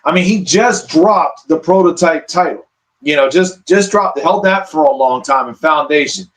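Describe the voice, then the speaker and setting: Brief: guest analyst, man with a high voice, chatty and explanatory, keeps asking "right?". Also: normal speed, poor audio. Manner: explains at length, checks in with "right?". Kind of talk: casual podcast chat.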